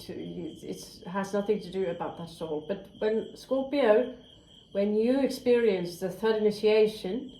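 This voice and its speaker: A woman's voice: medium pitch, dark tone. A woman giving a spiritual tarot and astrology reading to her viewers, rambling from thought to thought with frequent hesitations. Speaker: tarot reader. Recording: echoey room with music behind.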